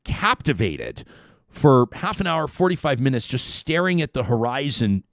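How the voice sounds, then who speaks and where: A man hosting a talk show, telling stories in a lively, rambling way with many restarts. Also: medium pitch, normal speed, dry recording, studio quality. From Canada. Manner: animated storyteller, chatty with many restarts. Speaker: radio talk show host. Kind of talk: casual talk show chat.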